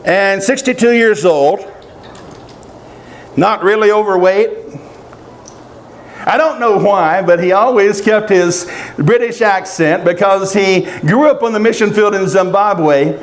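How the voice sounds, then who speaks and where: An older man preaching a sermon, telling personal stories of loss in a halting, emotional way with long pauses. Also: high voice, slight background noise. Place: outdoor family encampment gathering.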